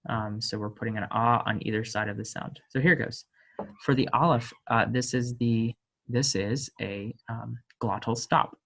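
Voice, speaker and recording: A man's voice: mid-range voice, fairly even intonation, a bit bright. A man teaching a language lesson off the cuff, hesitant and full of ums, stopping to correct himself and voicing sample sounds with emphasis. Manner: slow, hesitant, many ums and self-corrections.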